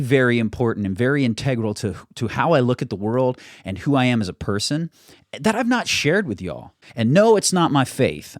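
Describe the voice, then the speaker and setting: A man's voice: medium pitch, no echo, studio quality. Chatty young man hosting his channel. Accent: mild general American, little regional trace. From United States. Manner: chatty, self-deprecating, lively emphasis. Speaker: YouTube channel host. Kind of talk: casual vlog monologue. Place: home studio.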